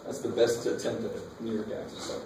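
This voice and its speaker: Casual math teacher lecturing a class. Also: male voice, lowish voice, flat delivery, moderate pace, gravelly. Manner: casual, asks the class questions. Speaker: math instructor. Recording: echoey classroom from far off, faint noise.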